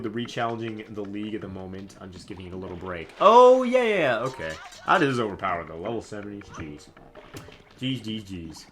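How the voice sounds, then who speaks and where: A man in his twenties casually commenting on a live game stream, animated and joking with viewers. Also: fairly low pitch. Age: 20s. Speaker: let's play streamer.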